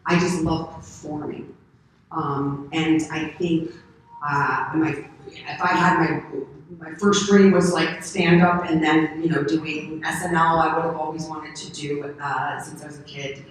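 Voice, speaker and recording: A woman in her thirties from the United States, a convention panel guest answering questions in a rambling, animated way and laughing often. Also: low-pitched, measured pace. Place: large convention hall. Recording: echoey hall from far off, faint noise.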